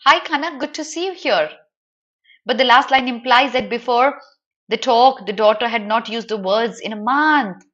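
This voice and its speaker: A young Indian woman teaching English in a live online class, explaining an article lively and asking her students questions. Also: on the high side, moderate pace, highs cut off. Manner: animated, asks students questions, addresses viewers by name.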